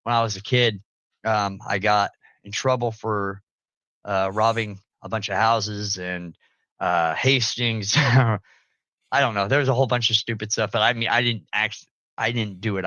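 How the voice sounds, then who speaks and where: A young man tells rambling family stories in a podcast chat, with a bright, forceful tone and a voice that sits a little low. He laughs often and leaps into loud, high-pitched voices when he quotes people. The sound is dry and close. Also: steady tone, normal speed, no echo, poor audio. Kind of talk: casual storytelling.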